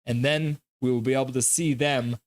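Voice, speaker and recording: A man's voice: medium pitch, fairly even intonation, moderate pace. A man hosting a casual live stream, reading viewer comments aloud and riffing on them in a loose, chatty way. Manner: chatty, loose, many fillers. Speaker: livestream host.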